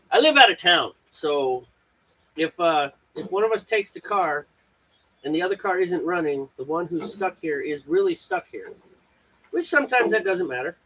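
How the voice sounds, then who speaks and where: Lively joking homebrewer man. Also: fairly high pitch. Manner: joking, rambling. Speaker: homebrewing show host. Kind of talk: casual chat while brewing. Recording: dull lo-fi sound with faint noise.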